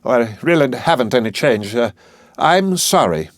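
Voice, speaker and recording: A man reading an audiobook, voicing a courteous older gentleman, a colonel, speaking politely and eagerly. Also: medium pitch, animated, a little slow, no echo, clean studio sound, close to an everyday voice.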